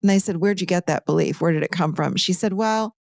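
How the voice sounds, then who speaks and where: A woman as a podcast guest and author, explaining ideas with lively, animated storytelling in a conversational teaching style. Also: on the low side, quick pace, vocal fry, no room sound, studio quality.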